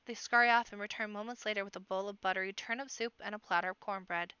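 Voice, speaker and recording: A woman reading a children's fantasy audiobook aloud, expressive, with occasional slips and restarts. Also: medium pitch, fast talker, few pauses, clear, resonant tone, no room sound, highs cut off. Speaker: amateur audiobook reader. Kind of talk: storybook narration.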